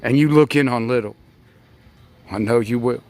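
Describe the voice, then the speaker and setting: A man's voice: medium pitch, normal speed, darkish tone. Rambling, impassioned man talking to camera. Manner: rambling, impassioned, addresses listeners directly. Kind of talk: rambling emotional monologue.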